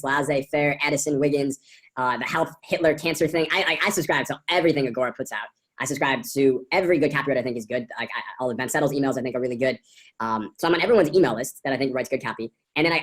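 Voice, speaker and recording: A woman co-hosting a course, teaching in an enthusiastic, rambling way over a video call, with many fillers and restarts. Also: low-pitched. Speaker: course co-host. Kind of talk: casual teaching talk.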